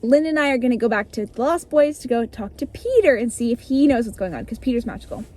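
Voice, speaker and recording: A woman's voice: fairly high pitch, animated, fast talker, a little mellow. Blunt, bossy fairy leader who swears, as a young woman puts her on, near her own voice. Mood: urgent. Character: bold fairy woman who breaks rules, urgent leader.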